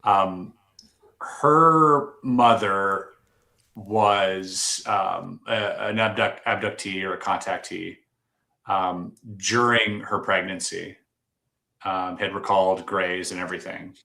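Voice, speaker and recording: A man co-hosting a podcast who tells a story with animated energy and acts out the quotes. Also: slow pace, gravelly. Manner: excitable, acts out quotes with big swings in pitch. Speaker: podcast co-host. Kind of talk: casual chat, animated storytelling. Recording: roomy echo.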